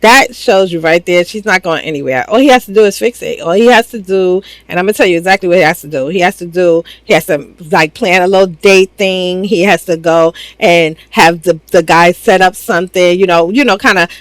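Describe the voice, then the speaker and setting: A woman's voice: on the low side, a little fast, few pauses, no echo, poor audio. A woman hosting a reality TV reaction video, giving blunt, sassy, slang-filled opinions in casual commentary.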